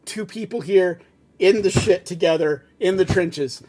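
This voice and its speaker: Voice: mid-range voice, measured pace, a little mellow, faint music behind. A host reading a fan script aloud for comedy and breaking off into exasperated, laughing rants about it.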